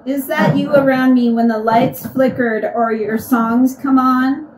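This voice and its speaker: A woman asks earnest questions aloud and repeats back the phrases she hears, leading a spirit box session. Her voice sits fairly high and comes from a little off the mic. The room rings with echo, and steady noise runs underneath. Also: unhurried. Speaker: paranormal investigator. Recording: echoey, distant, noisy room.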